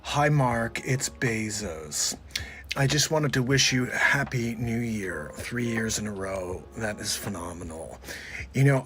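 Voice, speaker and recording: A man doing a comedic impression of a business tycoon in a slow, low, drawn-out voice. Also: sharp tone.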